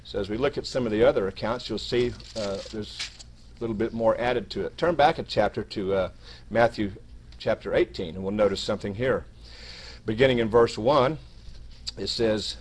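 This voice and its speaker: A man's voice: lowish voice, moderate pace, slightly rough. Man preaching a short sermon with emphasis. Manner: reads scripture with rising emphasis, many small restarts. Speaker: minister.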